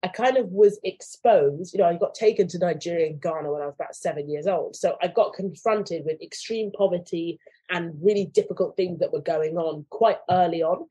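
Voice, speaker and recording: A woman's voice: on the low side, fairly quick, mellow, slightly rough, rough recording. A woman being interviewed, speaking thoughtfully and acting out the voices of people she quotes. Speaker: guest. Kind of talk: conversational interview.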